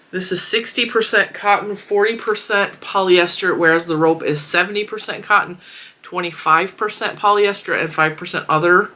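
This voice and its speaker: Congested, chatty woman with a bright voice. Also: fairly low pitch. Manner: chatty, rambling, laughs often. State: congested and a little wheezy. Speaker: crafting vlogger. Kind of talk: casual product review chat. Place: small closed room at home.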